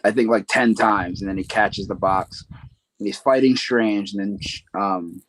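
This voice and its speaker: Speaking unhurriedly with fairly even intonation, a man with a fairly low pitch co-hosts a podcast over a faint hiss or hum and low-quality audio. His casual plot recap rambles, crowded with fillers and asides.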